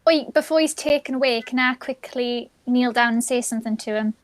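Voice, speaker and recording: A woman playing a tabletop game, asking quick, inquisitive questions. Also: on the high side, no echo. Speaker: player.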